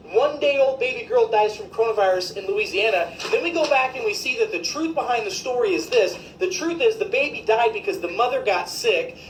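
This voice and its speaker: A woman physician, delivering an indignant, emphatic, profane rant to her viewers. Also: mid-range voice. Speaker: physician commentator. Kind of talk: ranting video commentary. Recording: echoey room, faint background noise.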